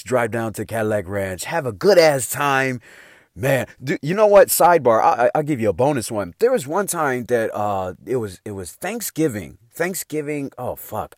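A man's voice: medium pitch, no room sound, studio quality. A middle-aged man telling a casual anecdote in a profane, slangy way, laughing along as he goes. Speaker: storyteller.

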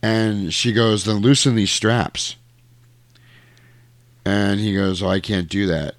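A man's voice: fairly low pitch, dry recording. A man in casual podcast chat, retelling a horror movie scene by scene and acting out the characters' lines. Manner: animated storyteller acting out lines in quick voices.

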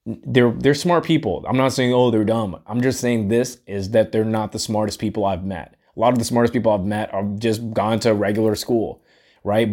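A man with a low-set, warm and mellow voice delivers a reflective solo podcast monologue. His manner is earnest and musing, and he keeps nudging the listener with "right?". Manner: earnest, musing, often tags lines with "right?". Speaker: podcast host.

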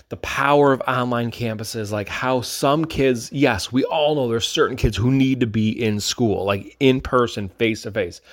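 A man in his thirties, a father, talking casually and reflectively, filling his speech with "like" and quick restarts. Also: medium pitch, no room sound. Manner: chatty, lots of "like" and restarts. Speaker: father and educator reflecting on school.

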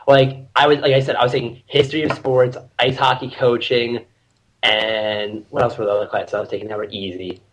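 A man's voice: medium pitch, level tone, fairly quick, low-quality recording. A young man, a podcast guest, chatting casually and swearing as he tells a story with laughs. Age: young adult. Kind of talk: casual chat.

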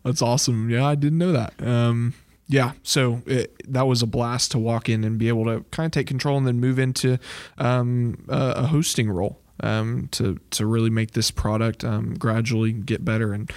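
A man's voice: mid-range voice, flat delivery, normal speed, a little mellow. Young man hosting, chatty and rambling. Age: young adult. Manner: rambling, many fillers. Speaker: podcast co-host. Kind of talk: casual chat. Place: college dorm basement studio.

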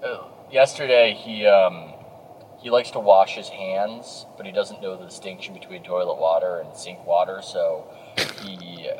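A man co-hosting a podcast in casual chat, telling stories in an animated, joking way over a remote mic. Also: low voice, slight background noise. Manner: animated storyteller, quick and joking. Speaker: podcast co-host.

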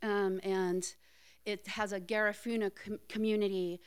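Smooth-voiced woman telling a story. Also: medium pitch, level tone, a little slow, no room sound. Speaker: storyteller on stage. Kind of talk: live personal storytelling.

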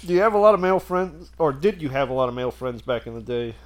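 A man's voice: mid-range voice, fairly even intonation, quick pace. A man telling a story in casual chat, rambling and laughing as he goes.

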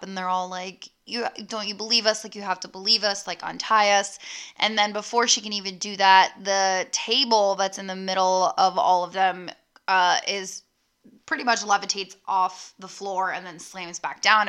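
Young woman, bright crisp voice, chatty movie recap, filler-heavy, swears casually. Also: medium pitch. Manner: chatty, lots of ums and likes, swears freely; talks straight to her viewers. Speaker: vlogger recapping a horror movie.

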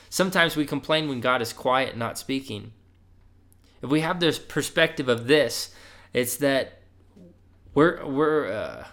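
A man's voice: on the high side, a bit bright. Young man preaching on a podcast, casual and conversational, gets emphatic when urging. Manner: conversational, often asks "right?", rises emphatically when urging.

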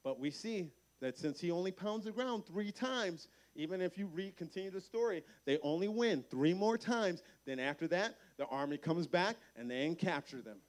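A man preaching a lively youth sermon at a camp meeting, acting out voices in his stories. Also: sits high, normal speed, hardly any pauses. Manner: energetic preaching, acts out voices in quotes. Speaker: camp speaker.

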